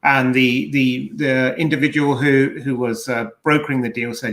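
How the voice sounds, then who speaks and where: A man co-hosting a casual podcast, retelling a story with lively energy and plenty of false starts. His voice sits at an ordinary pitch. The room around him rings with a clear echo. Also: normal speed, hardly any pauses. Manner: animated, rambling storytelling with frequent restarts. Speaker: podcast co-host. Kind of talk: casual security podcast chat.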